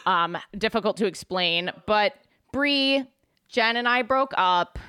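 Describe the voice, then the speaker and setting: A young woman hosting a podcast, talking in a joking, animated way and swearing freely. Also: medium pitch, slow, clear, resonant tone, dry recording, clean studio sound. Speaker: podcast host. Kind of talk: casual chat.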